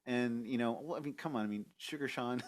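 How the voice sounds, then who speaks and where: A man's voice: medium pitch, moderate pace. A man hosting a podcast, asking questions in a laid-back, casual way and laughing often. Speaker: podcast host. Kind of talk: casual interview chat.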